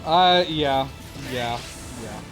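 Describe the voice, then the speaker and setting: A man chatting casually while playing a game together, often halting and restarting his sentences. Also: medium pitch, animated. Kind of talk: casual chat while gaming. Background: game music.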